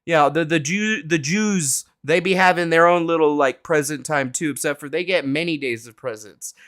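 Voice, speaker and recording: A male streamer talks from his home desk in a loose, rambling flow, full of swearing and sudden animated asides. His voice sits high for a man and sounds bright and sharp. It comes across as casual livestream chatter that drifts into political commentary. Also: normal speed, clean tone.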